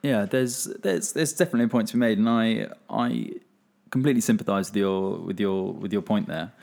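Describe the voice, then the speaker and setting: Young guy on a podcast, low voice, lots of ums, talks it through steady. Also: gravelly. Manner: measured, filler-heavy, analytical. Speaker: podcast co-host. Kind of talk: casual podcast chat.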